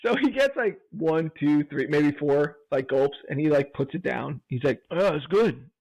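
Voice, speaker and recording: A man's voice: on the high side, normal speed, gravelly, a little mellow, no echo, poor audio. A man co-hosting a podcast in casual chat, telling stories with frequent laughter. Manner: storytelling, laughs often. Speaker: podcast co-host.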